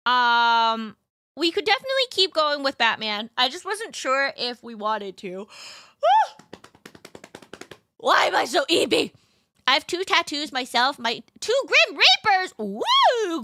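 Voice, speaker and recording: A woman's voice: sits high, sharp tone, no room sound, studio quality. A young woman streaming as a VTuber, chatting in a casual, rambling way with cutesy slang. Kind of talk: casual live-stream chat.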